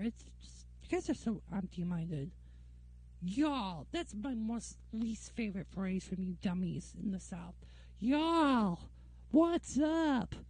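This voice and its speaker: A woman's voice: on the high side, mellow, dry recording. Ranting New woman, sarcastic. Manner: opinionated, rambling, sarcastic. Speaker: vlogger. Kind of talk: ranting casual monologue to camera. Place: dim indoor room during a work break. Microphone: camera mic.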